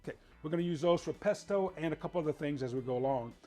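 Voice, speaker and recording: A man's voice: a little high, fast talker, mellow, faint music behind. A middle-aged man hosting a cooking show, chatty and playful, talking straight to his viewers as he cooks. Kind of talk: casual cooking demonstration.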